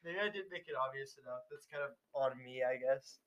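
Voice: mid-range voice, a little fast, fairly bright tone. A person in casual chat with a friend, laughing often while swapping impressions.

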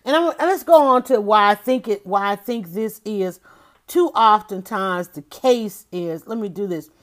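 A woman giving a casual opinion monologue, emphatic and animated, speaking directly to her listeners. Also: mid-range voice, a little slow.

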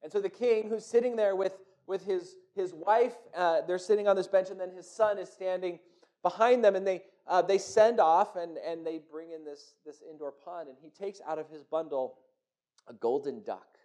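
A man telling a folk tale aloud, animated and often repeating words as he goes. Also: high-pitched, moderate pace. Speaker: storyteller. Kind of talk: oral storytelling.

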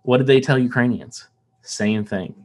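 A mellow, mid-range male voice at a moderate pace belongs to a man from the American South who doesn't have a Southern accent. His podcast talk is casual, earnest and rambling, full of restarts and repetitions.

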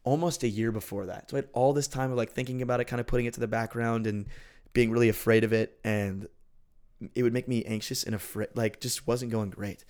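An earnest man talks through a faith lesson in a relaxed, conversational way, pausing now and then to check that the listener is following. His voice sits at an ordinary middle pitch. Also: clean tone. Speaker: podcast host teaching on faith. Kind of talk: casual teaching talk.

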